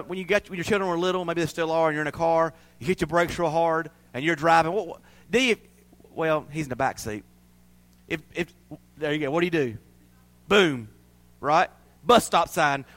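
A male preacher with a fairly high voice, preaching in a folksy, storytelling way. He laughs at his own examples and talks straight to the congregation. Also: fairly bright tone. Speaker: pastor. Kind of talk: sermon.

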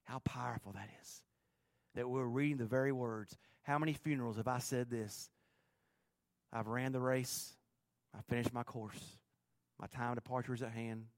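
A man preaching a sermon with animated, joking, emphatic storytelling. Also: mid-range voice, moderate pace, pauses often, dry recording. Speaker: pastor.

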